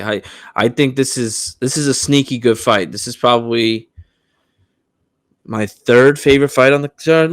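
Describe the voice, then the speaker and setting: A young American man co-hosting a casual sports podcast, talking in a relaxed way with frequent restarts. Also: mid-range voice, no echo, studio quality. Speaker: podcast co-host.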